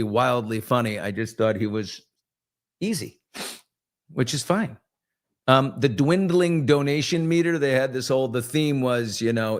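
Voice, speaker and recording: A man hosting a casual morning chat show, gossiping about celebrities in a chatty, loose way. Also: medium pitch. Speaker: host.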